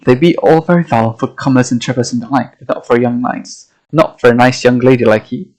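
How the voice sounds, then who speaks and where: A man's voice: mid-range voice, fairly quick, lightly acted, rough recording. A man voicing a very old, brusque, sceptical male sailor with a put-on Yorkshire dialect, read aloud from a novel. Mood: dismissive. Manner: brusque, dismissive, quiet.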